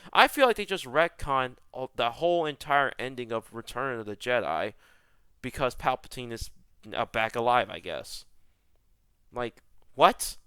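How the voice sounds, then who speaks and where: A man's voice: mid-range voice, expressive, unhurried, sharp tone, smooth, no room sound, studio quality. A young man delivering an exasperated rant to camera, full of rhetorical questions and repeated words. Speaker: YouTuber. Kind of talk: ranting commentary.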